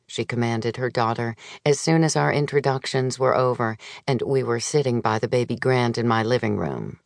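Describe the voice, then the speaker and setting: Woman reading a memoir audiobook, really low voice, dry close studio sound, wry and measured. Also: dry recording. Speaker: audiobook narrator. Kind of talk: scripted memoir narration. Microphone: close studio mic.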